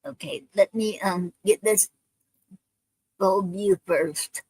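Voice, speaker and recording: A woman chats with viewers on a live stream at an unhurried, halting pace, often stopping to restart. Her voice sits at an ordinary pitch and sounds dry and close to the mic. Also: fairly even intonation, dark tone, no echo, low-quality recording. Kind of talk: casual live-stream chat, leading a poetry writing session.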